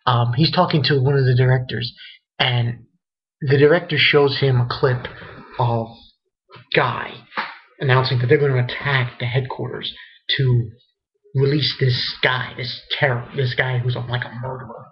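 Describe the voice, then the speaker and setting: A man rambles through a casual recap of an anime episode, piling on fillers, restarts and profanity. His voice is husky and mid-pitched. The recording sounds dull and lo-fi. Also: fairly even intonation, a little slow. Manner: rambling, loose, swears a lot, many fillers. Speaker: anime reviewer.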